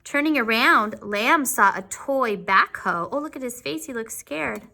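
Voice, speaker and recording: A woman's voice: on the high side, gravelly. A woman teacher reading a picture book aloud to young children, with asides to them. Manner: slow, expressive, with asides to the children.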